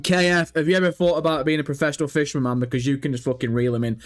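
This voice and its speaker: Sweary man streaming, high voice. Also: steady tone, rapid-fire. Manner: sweary, cracking up with helpless laughter. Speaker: gaming news livestreamer. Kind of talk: casual livestream chat.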